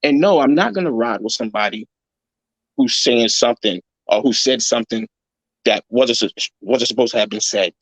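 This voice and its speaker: A man's voice: medium pitch, normal speed, dry recording. Blunt, cursing New man ranting. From New York. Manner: blunt, heated, profanity-laced ranting. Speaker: host. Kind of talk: casual profane reaction chat.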